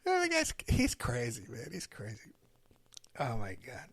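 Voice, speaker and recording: A middle-aged man, hosting a podcast and telling stories in a rambling, animated monologue. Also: medium pitch, measured pace, breathy edge, no room sound. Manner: rambling, animated storytelling with laughs and asides. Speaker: podcast host.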